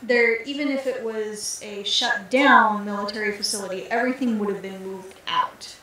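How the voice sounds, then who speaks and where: A woman's voice: medium pitch, fairly even intonation, moderate pace, sharp tone. A woman co-hosting a casual movie-review podcast, opinionated and emphatic. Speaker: podcast co-host. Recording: echoey room, far from mic.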